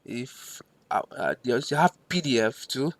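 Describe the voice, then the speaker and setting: A man teaching a screen-recorded software lesson, patient and step by step, repeating himself with fillers. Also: mid-range voice, expressive, moderate pace, no echo. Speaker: instructor.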